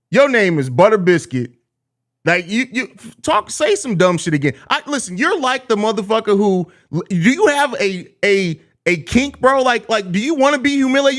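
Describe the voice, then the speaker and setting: Young man, high voice, live-stream host, profane trash talk, repeats himself, laughs a lot. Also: a bit bright. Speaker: host of a live postgame show. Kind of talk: casual live-stream chat, reading viewer comments.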